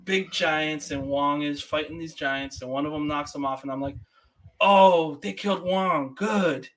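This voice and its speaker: This man's voice sits a little high and moves a little slowly. Co-hosting a podcast, he walks through a film scene by scene in a lively, laughing retelling full of quoted reactions, all in a relaxed review chat.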